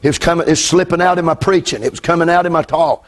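A middle-aged man preaching a fiery sermon as pastor. He drops to hushed storytelling, then shouts fervently, repeating phrases and calling out amen. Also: fairly high pitch, quick pace.

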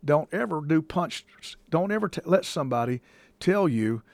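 A man's voice: a little high, big pitch swings, normal speed, vocal fry, darkish tone, no echo. A man hosting a call-in show, talking in an emphatic, folksy way and repeating himself for stress, with touches of a preacher. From United States. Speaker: host taking calls. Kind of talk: casual on-air talk with preacherly touches.

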